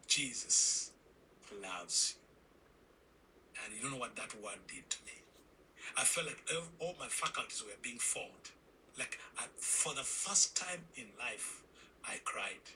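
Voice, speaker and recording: A man recounts his conversion with earnest intensity, his voice bright and ringing, sometimes stumbling and restarting and sinking to a whisper. A faint hiss of background noise runs under the recording. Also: medium pitch, rough recording. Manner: earnest, halting with repeated restarts, drops to a whisper at intense moments. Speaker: guest telling his conversion story. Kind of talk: emotional testimony in a podcast interview.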